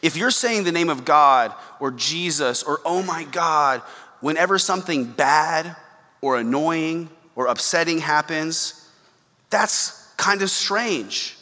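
A young adult man preaching in a relaxed, conversational way, acting out quoted exclamations with bursts of animation. His voice is bright and fairly high for a man. It rings with a long hall reverb. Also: slow pace. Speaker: pastor. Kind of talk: sermon.

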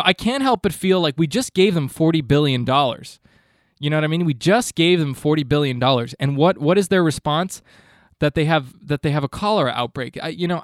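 A male comedian hosting a podcast, with a voice that sits a bit high and a deadpan, falsely earnest delivery. He rambles, trips over his words and restarts before landing each joke. The sound is close and dry, with no room around it. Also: dry recording. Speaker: podcast host. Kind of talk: comedic monologue.

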